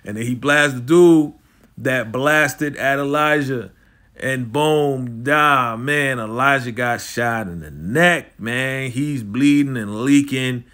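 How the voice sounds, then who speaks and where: A man's voice: mid-range voice, slow pace, a bit bright. A man casually recapping a TV episode in slangy talk, acting out the characters' lines as he goes.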